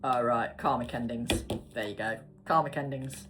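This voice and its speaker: A woman's voice: a bass voice, fairly even intonation, normal speed, background noise. A woman giving a casual, chatty tarot reading, murmuring card names and swearing now and then. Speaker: tarot reader.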